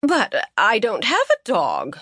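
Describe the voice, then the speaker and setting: A haughty, sniffy rich lady in her forties, put on by a woman narrating an audiobook. Her voice is pitched up high and sounds disdainful. It is heard on a dry, close recording. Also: wildly swooping pitch, takes it slowly, a bit bright, no room sound, heavily acted.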